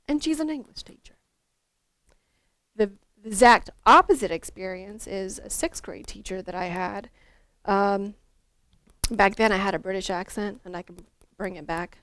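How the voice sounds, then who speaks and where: A woman's voice: medium pitch, a bit bright, no room sound. A woman, a former school counselor, leading a teacher workshop in a conversational, storytelling way with fillers and restarts.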